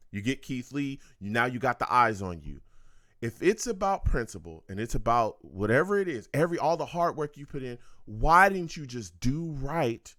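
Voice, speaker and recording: A man's voice: medium pitch, a bit bright, dry recording, clean studio sound. A man hosting a reaction video, giving blunt and preachy commentary that repeats its points. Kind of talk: casual commentary.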